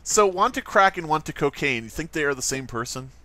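A man's voice: on the high side, expressive, brisk, bright, forceful tone. A man commenting on a game in casual chat, teasing his co-host and riffing on jokes.

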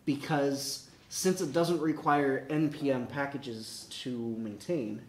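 A man presenting his software project at a meetup, talking casually and laughing often between answers. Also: medium pitch, slow. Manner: laughing, upbeat, talks in bursts. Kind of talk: casual tech talk. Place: meetup room. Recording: echoey room with faint noise.

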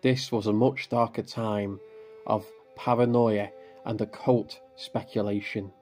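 Slow, low-voiced horror narrator. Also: male voice, fairly even intonation, a little mellow. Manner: grave, measured storytelling. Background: faint background music.

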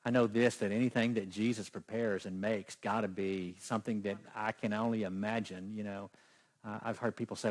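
Male pastor, husky timbre, emphatic sermon delivery. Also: fairly low pitch, fairly even intonation, brisk. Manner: emphatic, questions the congregation.

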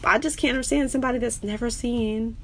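A woman with a New York accent, a stand-up comedian chatting casually with viewers on her own live stream, animated, with her voice jumping high when she gets excited. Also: fast, slight background noise. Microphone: webcam or phone on a live stream.

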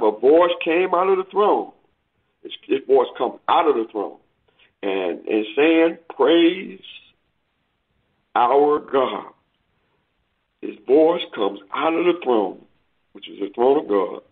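A man preaching a sermon who repeats his phrases for emphasis. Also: mid-range voice. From United States. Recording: tinny phone-like audio.

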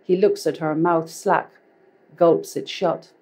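Woman author in her fifties, lower voice, deliberate paced literary reading. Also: fairly even intonation, darkish tone. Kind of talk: reading her own fiction aloud. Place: public library, indoors.

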